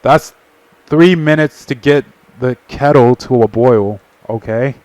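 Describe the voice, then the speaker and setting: A man's voice: medium pitch, slow pace, darkish tone, dull audio. A young man casually reading a visual novel aloud on a stream, with profane asides. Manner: casual, swearing, laughing asides.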